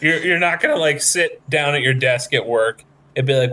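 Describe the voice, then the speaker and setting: A man's voice: a little high, moderate pace, pushed and bright, slight background noise. A man hosting a podcast, rambling in casual chat with lots of fillers and jokes. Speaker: podcast host.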